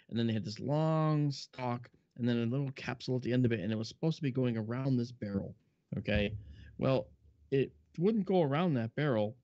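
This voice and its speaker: A man guest on a talk show, a film model maker, telling chatty, animated anecdotes full of asides. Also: medium pitch, creaky, no room sound. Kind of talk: anecdotal storytelling. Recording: dull lo-fi audio.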